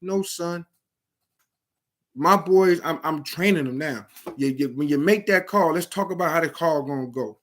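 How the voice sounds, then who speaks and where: A middle-aged man talks straight to young people about the streets and prison, with plenty of cursing and hard emphasis. His voice sits a little on the high side for a man. He sounds like a preacher working the street corner. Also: moderate pace, few pauses, a bit bright. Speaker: vlogger giving advice to at-risk youth. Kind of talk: blunt motivational talk to camera.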